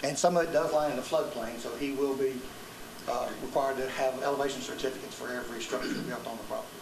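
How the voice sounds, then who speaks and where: A man with a Southern American accent answering questions at a meeting, quietly and with hesitations. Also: mid-range voice, steady tone, fast, a crowd in the background. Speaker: staff member answering questions. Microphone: away from the microphone. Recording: echoey, noisy room from off-mic.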